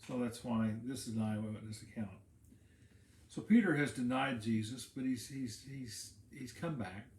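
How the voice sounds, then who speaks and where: A man's voice: mid-range voice, moderate pace, darkish tone. A man, a pastor, giving a casual Bible teaching talk, explaining in a conversational way and repeating words while he thinks. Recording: roomy echo.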